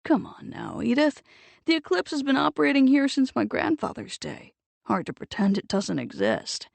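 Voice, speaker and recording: A composed, guarded grown man who keeps his voice level and polite, as a woman narrator gives him lines. The read has a gravelly texture and a dry, close sound. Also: high-pitched, big pitch swings, no echo, pitched above the performer's own voice, exaggerated voice. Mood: even. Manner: measured and neutral. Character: calm, guarded man, successful writer.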